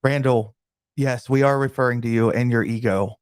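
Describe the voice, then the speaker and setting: A man's voice: mid-range voice, steady tone, normal speed, smooth, dry recording, studio quality. A man co-hosting a band podcast as the sound guy, full of teasing, joking banter. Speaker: sound engineer and podcast co-host. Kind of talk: casual podcast chat.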